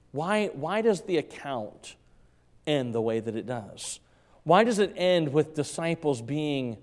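A male pastor preaching a sermon in a church, excitable and quick, stumbling and repeating words as his enthusiasm runs ahead. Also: medium pitch. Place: church sanctuary. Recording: long reverb of a large church hall.

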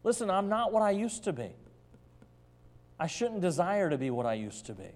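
A man preaching a sermon as pastor, swinging from loud emphasis down to soft, hushed phrases. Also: high-pitched, big pitch swings, moderate pace. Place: church sanctuary. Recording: long reverb of a church hall.

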